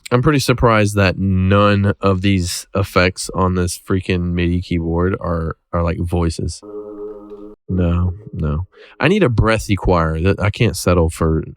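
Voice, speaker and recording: A man's voice: low-pitched, slow pace, dry recording. A man casually talking through his music production work, joking and thinking aloud as he goes. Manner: relaxed, joking, thinks aloud while working. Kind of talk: casual screen-recorded tutorial chat.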